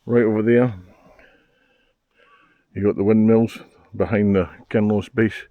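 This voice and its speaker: A man's voice: on the low side, little pitch movement, unhurried, no echo, phone-quality sound. An older Scottish man, a race sweeper, chatting casually and wryly to camera while cycling a coastal trail outdoors. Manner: chatty, wry and self-mocking. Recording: faint outdoor noise.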